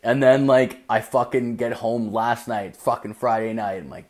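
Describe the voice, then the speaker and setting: A man's voice: medium pitch, fairly even intonation, normal speed. Rambling, profane man telling a story. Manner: profane and rambling, leaning on filler "like". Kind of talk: casual storytime rant.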